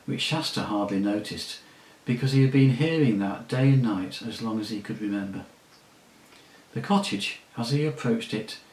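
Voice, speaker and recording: A man narrating a story aloud in a calm, measured reading. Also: lowish voice, echoey room, low-quality recording. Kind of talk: audiobook reading.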